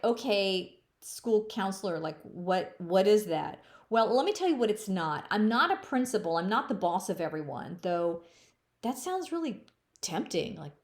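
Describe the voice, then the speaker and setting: A middle-aged woman school counselor giving a playful, jokey recorded presentation to fifth graders, speaking slowly and clearly. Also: medium pitch.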